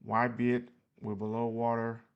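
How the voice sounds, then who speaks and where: Showing his investment portfolio on screen, an investing channel host talks in a monotone at medium pitch and a measured pace. His tone is clean, though the highs are cut off; he sounds a bit tired, yawns, and speaks loosely with many fillers and restarts.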